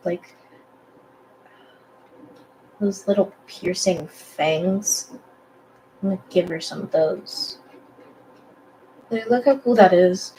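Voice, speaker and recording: A young woman chatting casually while she draws, rambling with lots of fillers and self-deprecating asides, in a low morning voice. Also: darkish tone, slight background noise, low-quality recording. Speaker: digital artist vlogger. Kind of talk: casual chat while drawing.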